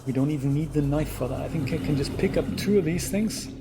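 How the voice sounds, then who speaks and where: A man hosting a live game stream, thinking out loud about what to craft and chatting back to his viewers as he plays. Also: on the high side, fairly quick, background noise. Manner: chatty, thinks aloud and answers viewer chat. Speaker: let's play host. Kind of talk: casual live gameplay commentary. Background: game music.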